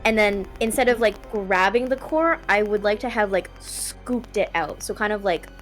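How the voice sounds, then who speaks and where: A woman's voice: medium pitch, moderate pace, poor audio. Woman player, hesitant and wordy, faint music behind. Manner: hesitant, explains her moves with many fillers. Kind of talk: tabletop game chat.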